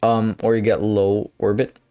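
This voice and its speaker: A young man giving rambling, playful gameplay commentary, with bursts of excitement when things go his way. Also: lowish voice, moderate pace, clear, resonant tone, highs cut off. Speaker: gamer.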